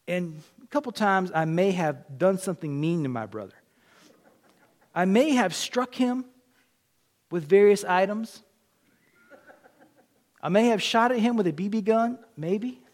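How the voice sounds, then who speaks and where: Guy preaching with funny stories, high voice, gets loud then real quiet. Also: measured pace, pauses often. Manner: animated storyteller, acts out quotes, drops to near whisper. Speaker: pastor. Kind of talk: sermon with personal stories.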